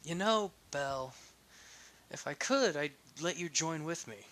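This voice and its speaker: A man's voice: fairly high pitch, animated, unhurried, a bit bright, pitched above the performer's own voice. A man voicing a playful, coy young goddess in a fan-made audio story, speaking in a fond, teasing way.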